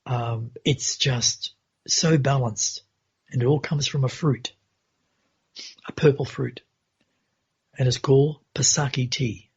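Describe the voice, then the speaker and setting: Raspy, gravelly man telling a story. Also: medium pitch, fairly even intonation, a little mellow, dull audio. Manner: earnest, unhurried storytelling. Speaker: podcast guest. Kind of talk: recounting a personal spiritual experience.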